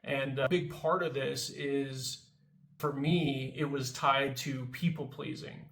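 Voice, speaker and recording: A man's voice: medium pitch, fairly even intonation, slow, vocal fry, fairly bright tone, roomy sound, poor audio. A man in recovery talking casually to viewers about anger, often checking in with "right?" and swearing now and then. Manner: conversational, frequent "right?" tags, swears casually. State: in recovery from addiction. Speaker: recovery video host. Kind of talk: casual talking-to-camera reflection.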